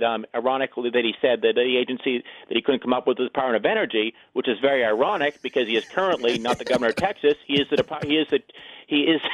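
A man's voice: medium pitch, highs cut off. A man, an author and radio guest, eagerly telling political anecdotes and acting out the quotes. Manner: rapid, enthusiastic anecdote telling, acts out quotes. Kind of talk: casual radio interview.

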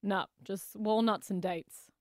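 A woman's voice: mid-range voice, steady tone, slow, darkish tone, no echo, studio quality. Wry woman co-host. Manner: wry, teasing storyteller. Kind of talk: casual on-air chat.

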